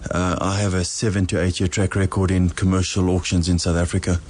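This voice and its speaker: Deep, flat-voiced businessman. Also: fairly quick. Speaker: auction house guest. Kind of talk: radio interview answers.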